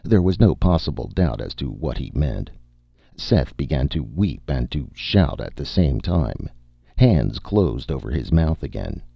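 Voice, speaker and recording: A man narrating an audiobook in a measured storytelling read. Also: extremely low pitch, big pitch swings, vocal fry, no room sound. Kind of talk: scripted narration. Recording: dull, dry audiobook recording.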